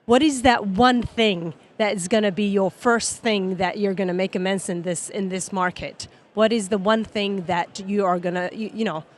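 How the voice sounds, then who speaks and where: A woman's voice: medium pitch, steady tone, moderate pace, hardly any pauses. Woman asking a rambling panel question. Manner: rambling, lots of "you know". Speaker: panel judge.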